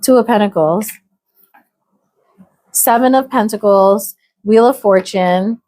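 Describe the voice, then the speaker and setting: A woman's voice: medium pitch, slow, warm tone. An American woman doing a casual, chatty tarot reading, musing aloud with fillers. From United States. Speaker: tarot reader.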